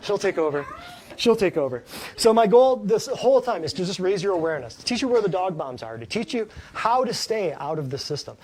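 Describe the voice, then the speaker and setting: A man's voice: high-pitched, very animated, brisk, few pauses, darkish tone. A man who works as a chiropractor, giving a folksy, emphatic health talk to a small live audience and keeps asking them questions.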